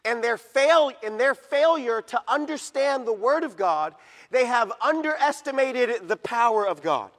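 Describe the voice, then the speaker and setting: Male pastor, sermon, emphatic, loud scripture reading, long church reverb. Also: very high-pitched, animated, unhurried. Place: church sanctuary.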